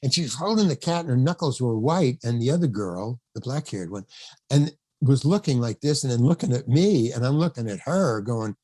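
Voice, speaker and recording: A man's voice: medium pitch, animated, a little fast, darkish tone, no echo. An older man, an actor, telling a rambling backstage story in a podcast interview, acting out the quotes, laughing often and swearing now and then. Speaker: actor guest.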